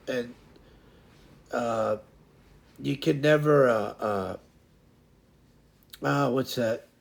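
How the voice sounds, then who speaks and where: A man's voice: a little high, gravelly, a little mellow. A man hosting his stream, telling a funny story in a rambling way with many fillers, searching for words and laughing as he goes. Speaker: streamer host. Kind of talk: casual storytelling chat.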